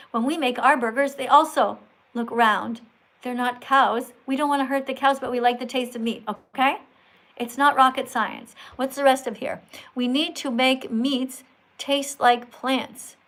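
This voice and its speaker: On her livestream, a vegan activist answers super chats in a high, fairly bright voice. She responds to viewer messages in a preachy, scolding manner, repeating key phrases to drive them home.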